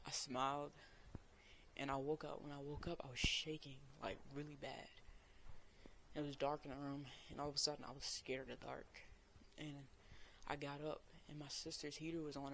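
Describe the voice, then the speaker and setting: A young man earnestly telling a personal story as a vlogger, sometimes bursting out loud. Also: medium pitch, gravelly, a little hiss or hum. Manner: earnest, emotional retelling with loud outbursts.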